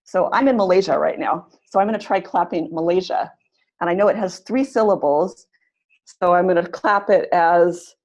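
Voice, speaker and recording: A woman leading an online teacher-training webinar, speaking clearly and encouragingly and exaggerating the stress on words she models. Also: fairly low pitch, moderate pace, a little mellow. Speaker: webinar facilitator.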